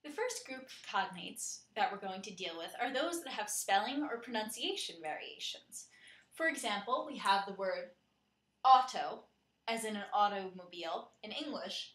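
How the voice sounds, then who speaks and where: A woman narrating a scripted lesson in a clear, steady way, slowing down to spell out and pronounce words. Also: medium pitch, roomy sound. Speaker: teacher.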